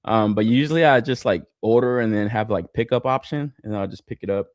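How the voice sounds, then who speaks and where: A young man from Southern California chatting casually as a podcast co-host, swearing a lot and laughing through animated stories. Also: fairly low pitch, fairly quick, no echo, clean studio sound. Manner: profane, laughing, animated storytelling. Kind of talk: casual chat.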